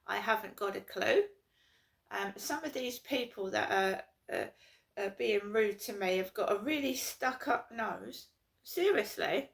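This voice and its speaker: A woman's voice: medium pitch, unhurried, creaky. A woman from London, ranting in an aggrieved, repetitive vlog monologue. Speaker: vlogger. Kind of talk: casual to-camera monologue.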